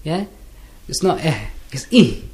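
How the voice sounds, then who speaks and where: A man teaching Quran recitation one-on-one for listeners, patiently correcting common errors and slowly drawing out the recited verses. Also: on the high side, big pitch swings, darkish tone. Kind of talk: one-on-one pronunciation lesson. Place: recorded lesson for listeners.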